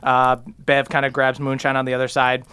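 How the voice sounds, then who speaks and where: A man's voice: mid-range voice, completely flat delivery, a little fast, bright, forceful tone, clean tone. Man, casual game master narration, loose and profane.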